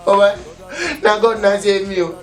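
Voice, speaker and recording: A Nigerian Pidgin-speaking man tells his tale in a high, excitable voice, chuckling between breathless lines. It is comedy-skit storytelling with faint music underneath. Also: moderate pace.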